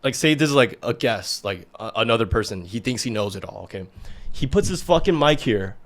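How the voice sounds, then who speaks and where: A man hosting a podcast in casual chat, venting with lots of swearing and animated asides. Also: medium pitch, a little fast. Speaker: podcast host.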